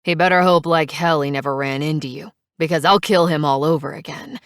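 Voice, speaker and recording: A woman's voice: sits low, measured pace, no echo, clean studio sound. A woman voicing a protective, dangerous male biker who speaks firmly and intensely. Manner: intense, firm.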